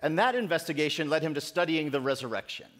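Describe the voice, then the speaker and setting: A man's voice: fairly high pitch, expressive, fast talker, a bit bright. A middle-aged man preaching a sermon as pastor, in a conversational way with self-deprecating humor. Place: church sanctuary. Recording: echoey church sanctuary.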